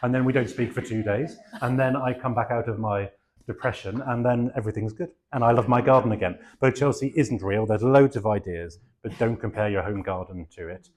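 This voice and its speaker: A middle-aged garden designer from England speaks a little fast in a mid-range voice, with slight background noise. He has a southeast English accent, and his chatty public talk is rambling, self-deprecating, and filled with fillers.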